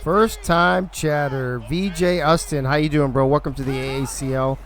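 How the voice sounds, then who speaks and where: A man's voice: medium pitch, steady tone, brisk. Chatty man hosting a game stream. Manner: chatty, joking, thinks aloud. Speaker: league organizer and stream host. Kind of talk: casual live-stream chat over a video game.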